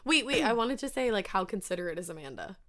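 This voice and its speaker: Woman co-host, casual chat, wry, teasing, middle pitch. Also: expressive, quick pace, a bit bright. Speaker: podcast co-host. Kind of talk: casual chat, reading listener email.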